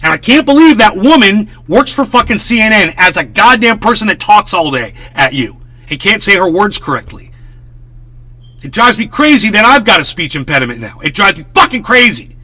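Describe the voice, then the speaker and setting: A man's voice: high voice, big pitch swings, moderate pace, pushed and bright. A man hosting a live stream, ranting in a worked-up, swearing, casual way. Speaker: livestream host.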